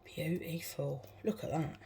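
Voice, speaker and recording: A woman's voice: low-pitched, fairly even intonation, unhurried, gravelly. A woman vlogger chatting casually through each step of her home cooking, laughing at herself as she goes. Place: home kitchen. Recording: kitchen clatter noise in background. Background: clattering dishes and cutlery.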